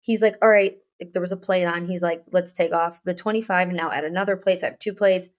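A woman's voice: on the low side, steady tone, quick pace. A woman co-hosting a casual chat podcast, telling a long story with many restarts and filler words. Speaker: podcast co-host.

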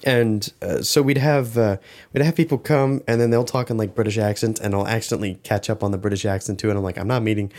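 A man's voice: lowish voice, fast talker. Casual young man rambling on a podcast. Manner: rambling storyteller, animated quoting. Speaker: podcast co-host. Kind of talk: casual chat.

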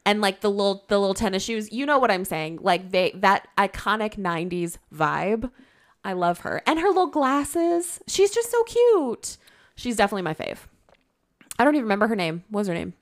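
A young woman co-hosting a podcast in casual, animated chat, with lots of "like". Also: medium pitch, fairly quick. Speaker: podcast co-host.

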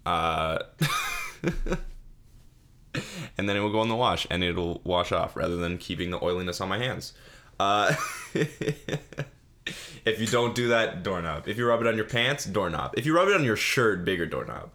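Young male solo podcaster, lowish voice, silly self-mocking rambler, desk mic. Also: unhurried, long pauses, bright, forceful tone. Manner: goofy, self-mocking, laughs at own jokes; mock-sobbing bit, put-on crying. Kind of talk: rambling solo comedy chat.

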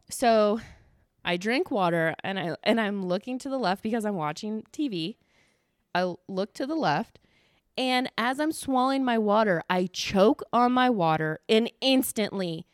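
A woman's voice: medium pitch, dry recording, clean studio sound. A young American woman hosting a casual solo podcast, telling a story with lots of self-mocking laughter and casual swearing. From United States. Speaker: podcast host.

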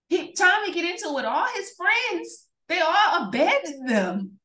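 A woman co-hosting a casual podcast chat, telling stories in an animated, emphatic way. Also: very high-pitched, slow. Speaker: podcast co-host. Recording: echoey room.

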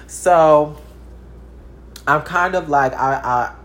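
A vlogger around thirty, from Texas, chatting casually to camera in an animated, profane way with big swings in pitch and loudness. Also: very slow.

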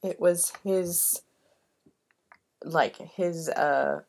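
A woman's voice: sits low, gravelly, a little mellow, a little hiss or hum. A woman co-hosting a podcast, chatting casually and eagerly chiming in with agreement. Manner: enthusiastic, quick agreeing interjections. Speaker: podcast co-host. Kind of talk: casual chat.

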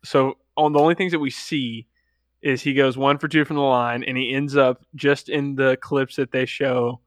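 A man's voice: medium pitch, fairly even intonation, moderate pace, no room sound, studio quality. A man co-hosting a casual podcast who reads out statistics with plenty of likes and hedges. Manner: hedging, filler-heavy, reads out stats. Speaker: podcast co-host. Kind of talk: casual chat.

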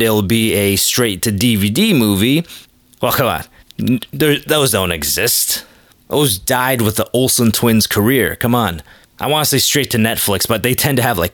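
A man's voice: lowish voice, a bit bright, dry recording. A man hosting his own comedy podcast, rambling through a crude, self-deprecating monologue into a close mic. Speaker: podcast host.

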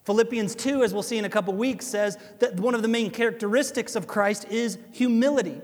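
A man with an Ohio accent, preaching a sermon as pastor, animated and conversational with asides to listeners. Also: high-pitched, a little fast. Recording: long hall reverb.

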